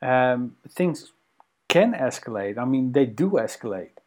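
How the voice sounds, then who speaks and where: A man co-hosting a podcast in casual conversation, animated and halting, with many ums and restarts. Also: mid-range voice. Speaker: podcast co-host.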